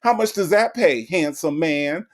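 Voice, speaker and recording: A man putting on a high voice as a flirty woman sweet-talking phone scammers, syrupy and coy. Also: expressive, a little slow.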